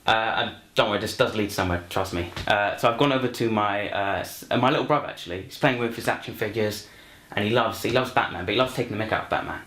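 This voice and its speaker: Young man, rambling, lots of ums, low voice, roomy echo, faint music. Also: fast talker, bright, forceful tone. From London. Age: young adult. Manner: rambling, many fillers and restarts. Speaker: university student, actor. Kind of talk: self-introduction and comic story for a showreel.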